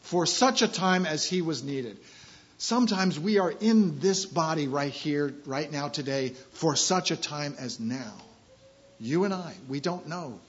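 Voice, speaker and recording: High-voiced man preaching with loud swells. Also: lively intonation, measured pace, muffled recording. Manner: swings from quiet asides to loud emphatic scripture reading; repeats key phrases for emphasis. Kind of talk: sermon.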